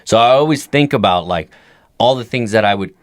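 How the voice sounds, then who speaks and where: A young adult man on a comedy podcast, telling profane stories about his dad and mimicking him in a lower, flatter voice. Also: fairly quick, dry recording, clean studio sound. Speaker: podcast co-host. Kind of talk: casual comedy podcast chat.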